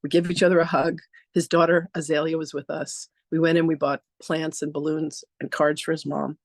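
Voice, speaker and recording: A woman hosting a talk, introducing her guest through a chatty, animated story and often laughing. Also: low-pitched, brisk, no echo, clean studio sound. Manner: animated, acts out dialogue with "I'm like".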